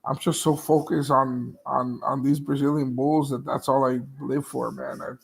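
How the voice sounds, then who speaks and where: A dog breeder chats casually about his dogs and litters in a mid-range voice with vocal fry, speaking at a moderate pace with flat delivery. He laughs easily and often trails off mid-sentence.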